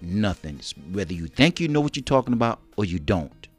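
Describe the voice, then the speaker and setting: Animated slangy male co-host. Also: lowish voice, brisk, breathy edge, faint music behind. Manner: animated, slangy, laughs often. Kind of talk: casual chat show banter.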